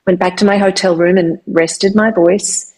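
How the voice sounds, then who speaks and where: A middle-aged woman with an Australian accent, a voiceover artist and singer-songwriter, telling her story in a lively, animated interview. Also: mid-range voice, normal speed, slight background noise. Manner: animated, lively retelling of anecdotes.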